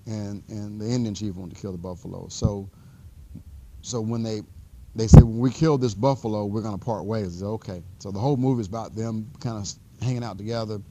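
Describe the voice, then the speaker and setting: A man teaching a math class in a classroom. He talks in a relaxed, conversational way and rambles into stories, restarting often and filling pauses. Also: on the low side, background noise. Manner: rambling storyteller, frequent restarts and fillers. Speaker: math instructor. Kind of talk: classroom lecture.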